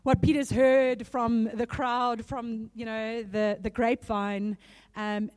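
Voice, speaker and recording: A woman giving a sermon in a casual, animated storytelling manner. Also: a little high, slow, smooth. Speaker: speaker. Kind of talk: conversational sermon.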